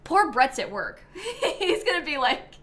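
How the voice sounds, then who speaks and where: A livestream host with a high, fairly bright, sing-song voice speaks unhurriedly. She's chatty and giggly, full of ums and likes, as she reads out viewers' names and thanks each one.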